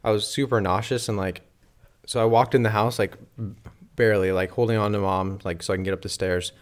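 A young man co-hosting a podcast, telling a story in an animated way and laughing often in casual chat. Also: fairly low pitch, a little fast. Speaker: podcast co-host.

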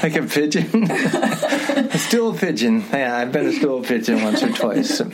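A man's voice: medium pitch, big pitch swings, moderate pace, very noisy. A tired man, a musician guest on an interview, cracking wry self-deprecating jokes. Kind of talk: casual interview chat.

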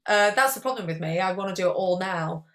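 A young Englishwoman talking casually as an interview guest, with a somewhat low voice. She rambles along freely, scattering "like" through her sentences. The tone is easygoing and conversational. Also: expressive, quick pace, a crowd in the background. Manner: chatty, rambling, peppered with "like". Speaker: guest athlete.

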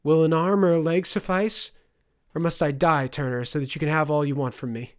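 A man's voice: fairly high pitch, steady tone, moderate pace, pitched above the performer's own voice, close to an everyday voice. A man voicing a desperate pleading mother. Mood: frantic. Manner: rising to near shouts. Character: anguished middle-aged mother, desperate and pleading. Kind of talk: audiobook character voicing.

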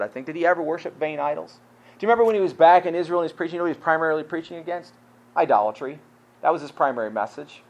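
A male pastor with a slightly high voice preaches conversationally, repeating words and asking rhetorical questions. His volume falls from full to quiet, and the recording is rough.

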